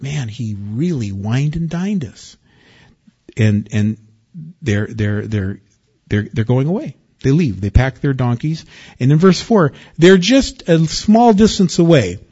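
A man preaching a sermon with lively swings from loud excitement to quiet warning. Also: on the high side, unhurried, slightly rough, highs cut off. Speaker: pastor.

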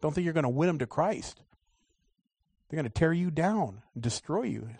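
A man preaching a sermon, moving between loud, drawn-out emphasis and quiet asides. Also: fairly high pitch, expressive, gravelly, breathy edge, dry recording.

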